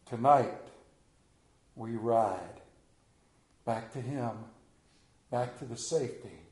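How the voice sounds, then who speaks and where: A man preaching a sermon, with a slow, dramatic delivery that swings from loud to hushed. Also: mid-range voice, reverberant. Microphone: camera.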